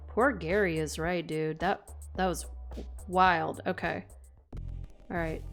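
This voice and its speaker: A young woman streaming a game live, reading the text aloud and chatting in an expressive, casual way that includes swearing. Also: lowish voice, moderate pace, faint music behind.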